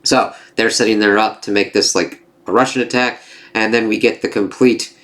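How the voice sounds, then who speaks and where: A man's voice: fairly low pitch, steady tone, moderate pace, a bit bright. A man casually reviewing a TV episode, rambling and swearing, with lots of fillers and acted-out quotes.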